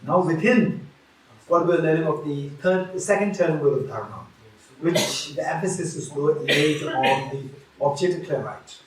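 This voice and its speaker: A man's voice: on the high side, normal speed, very echoey, far from the mic, low-quality recording. A man giving a Buddhist teaching at a retreat, repeating key phrases and restarting often.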